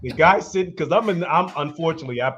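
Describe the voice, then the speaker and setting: A man co-hosting a casual chat, telling a story in an animated way and laughing as he talks. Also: a little high, fast, noisy background. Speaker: co-host.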